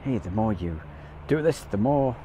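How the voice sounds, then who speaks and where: A man's voice: on the low side, expressive, normal speed, noisy background. A man with an English Midlands accent hosting a live stream, chatting in a rambling, self-deprecating way. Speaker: livestream host. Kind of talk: casual live commentary.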